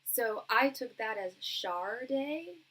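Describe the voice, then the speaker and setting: A young woman hosting a live tarot reading stream, chatting casually and warmly with her viewers, with frequent ums and soft laughs. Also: medium pitch, normal speed, slightly rough, low-quality recording. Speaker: tarot reader and livestream host. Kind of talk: casual livestream chat with viewers.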